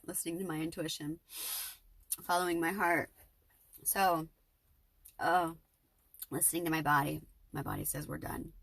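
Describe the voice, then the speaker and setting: A woman's voice: low voice, gravelly, breathy edge. A middle-aged woman talking to her viewers in an emotional, rambling personal vlog with a spiritual bent. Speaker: vlogger.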